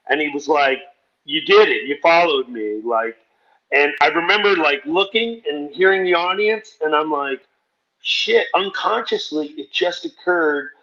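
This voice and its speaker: Guy comic rattling off stories fast, kinda high voice, muffled lo-fi sound. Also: pushed and bright. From New Jersey, US. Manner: rapid, run-on storytelling with acted-out quotes. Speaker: stand-up comedian guest. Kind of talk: animated storytelling in a podcast interview.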